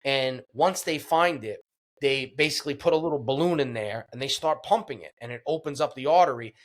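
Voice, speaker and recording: A man's voice: medium pitch, a little fast. A man guest on a podcast, earnestly retelling a personal story with many fillers and restarts.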